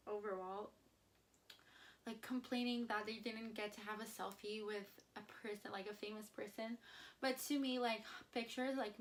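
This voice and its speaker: A young woman vlogger telling a story in an excited, emotional way, full of "like" fillers. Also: a little high. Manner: gushing, emotional, fast filler-heavy "like". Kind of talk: excited casual vlog storytelling.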